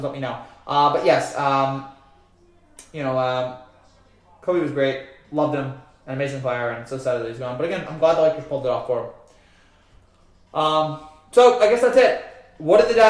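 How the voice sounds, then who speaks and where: A man's voice: fairly high pitch, very echoey. A man from New Jersey hosting a live sports stream, rambling through viewer comments with lots of fillers and restarts.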